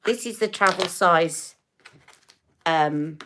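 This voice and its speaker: A woman's voice: on the low side, takes it slowly, bright, forceful tone. A woman hosting a casual beauty livestream, chatting to viewers and demonstrating products as she talks. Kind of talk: casual live-stream chat.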